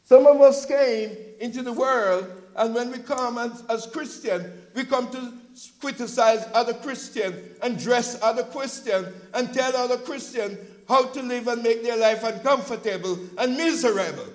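A male preacher giving an impassioned sermon, telling stories from his church's food pantry and at times rising to a shout. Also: very high voice, normal speed, few pauses, poor audio. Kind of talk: sermon with storytelling.

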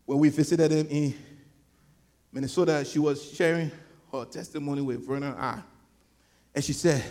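A man preaching a sermon, swinging between shouted peaks and hushed storytelling, often repeating words as he gathers his thoughts. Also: a little high, steady tone, normal speed, pauses often. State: sweating. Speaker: pastor. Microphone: clip-on mic.

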